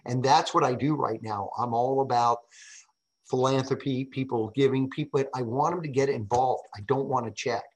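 A middle-aged man, a podcast guest and public speaker, telling stories in a casual interview with an animated, emphatic manner, often asking "right?". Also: mid-range voice, moderate pace, low-quality recording.

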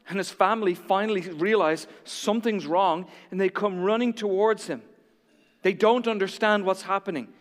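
A man preaching a sermon as a pastor, telling a story dramatically, dropping to a hush and then building to emphatic peaks. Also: high voice, long reverb tail.

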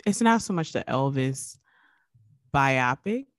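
A woman's voice: deep voice, animated, moderate pace, no room sound, studio quality. A woman co-hosting a podcast in casual chat, telling stories in a wry, emphatic way. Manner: chatty storyteller, wry and emphatic. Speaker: podcast co-host.

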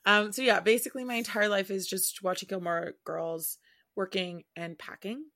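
A young adult woman co-hosting a podcast, chatting casually with a friend in a relaxed, lightly sarcastic way. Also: mid-range voice, moderate pace. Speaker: podcast co-host. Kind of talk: casual chat between friends.

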